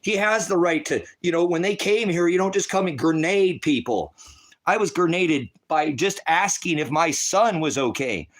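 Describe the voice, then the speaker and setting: A man's voice: on the high side, lively intonation, moderate pace. Tearful, impassioned man pleading in prayer. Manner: impassioned and pleading, with repeated questions. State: tearful, emotionally distraught. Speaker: ministry preacher. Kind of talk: emotional spoken prayer to a congregation.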